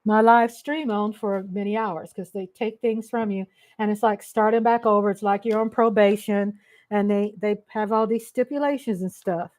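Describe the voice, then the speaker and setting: A woman's voice: mid-range voice, steady tone, moderate pace, a little mellow. A woman from Texas, hosting a casual livestream, talking emotionally and ranting straight to her viewers. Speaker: livestream host. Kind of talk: casual live-stream chat.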